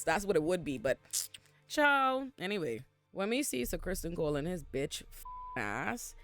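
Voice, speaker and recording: A man giving an expressive, profane recap of a TV episode, acting out the characters as he goes. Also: high voice, normal speed, faint music behind. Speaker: show recap host. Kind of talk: animated TV recap commentary. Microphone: facing camera.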